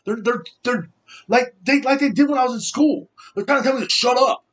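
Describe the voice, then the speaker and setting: A man's voice: very high voice, fairly quick, a bit bright. A man in his thirties hosting a podcast, ranting heatedly and rambling, swearing often. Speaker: podcast host. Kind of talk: casual rant.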